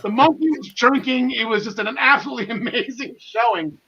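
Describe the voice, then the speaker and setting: A man hosting a wrestling podcast in an excitable, chatty way, tripping over his words and laughing between thoughts. His voice sits very high and sounds bright and forward. The audio is a bit dull and lo-fi. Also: a little fast, slightly rough. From half Irish. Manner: enthusiastic, laughs often, many fillers and restarts. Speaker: podcast host. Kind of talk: casual wrestling podcast chat.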